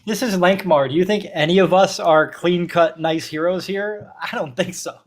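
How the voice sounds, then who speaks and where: Husky giggly man. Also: sits high, moderate pace. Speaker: player. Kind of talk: casual tabletop game chat.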